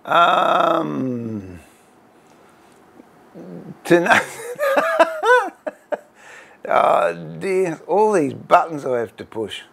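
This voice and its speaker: A middle-aged man with an Australian accent, chatting on a casual livestream. His voice is gravelly and his pitch swings widely, and he talks at an unhurried pace. He greets viewers by name with easy, self-deprecating humour. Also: animated, fairly bright tone. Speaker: woodworking livestream host.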